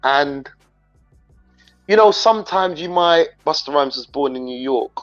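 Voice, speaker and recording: Brief: London-accented man with patois edge, livestream host, rambling chat, slightly high voice, dull audio, faint music under. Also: expressive, a little slow, fairly bright tone. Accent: London English mixed with Jamaican patois. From England. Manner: rambling, talks straight to viewers.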